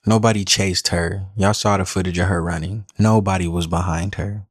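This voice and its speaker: Low-voiced male reaction host, dry close sound, blunt and accusing delivery. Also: steady tone, normal speed, dry recording. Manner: blunt, accusing, repeats "she's lying". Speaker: commentary host. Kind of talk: reaction commentary.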